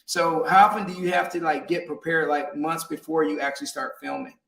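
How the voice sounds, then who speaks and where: A man's voice: on the high side, fairly even intonation, fairly quick, creaky, a bit bright. A man hosting an interview show, talking in a rambling, casual way with lots of fillers and frequent laughs. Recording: roomy, distant from mic.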